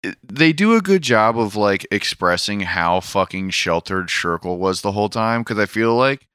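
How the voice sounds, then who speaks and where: Male co-host, lowish and crisp, dry wit, casual manga talk. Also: expressive, moderate pace, fairly bright tone, no echo. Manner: wry, joking asides. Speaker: podcast co-host. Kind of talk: casual chat recapping a manga.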